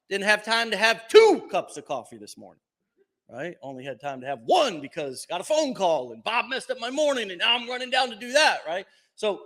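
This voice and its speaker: Lively high-voiced man giving a pep talk. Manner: energetic, joking, swings from loud to hushed. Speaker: speaker at a live event. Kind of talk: motivational talk to a live audience. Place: event venue.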